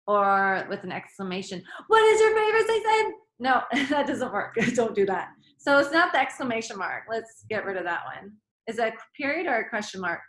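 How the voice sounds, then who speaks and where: A woman's voice: mid-range voice, normal speed. A woman teacher giving a grammar lesson to children, acting out sentences in different tones of voice. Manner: expressive, acts out sentences in varied tones. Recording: echoey room.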